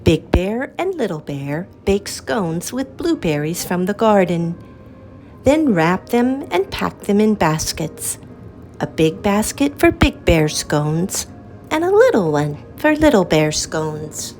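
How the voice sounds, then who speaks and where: A woman reading a picture book aloud to children, in a slow, lilting and expressive storyteller's manner. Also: mid-range voice, faint music behind.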